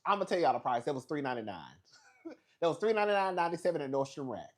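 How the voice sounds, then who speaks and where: A man's voice: on the high side, racing. A man hosting a casual, profane gossip recap of a reality show, telling stories with sass and frequent laughter. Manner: sassy, animated storytelling with profanity and dramatic asides; laughs often.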